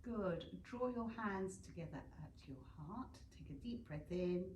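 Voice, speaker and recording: A woman leading a yoga class, giving slow, calm breathing and posture cues. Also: lowish voice, a little hiss or hum. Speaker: yoga instructor. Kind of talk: guided yoga cool-down. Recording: echoey room with faint ambience.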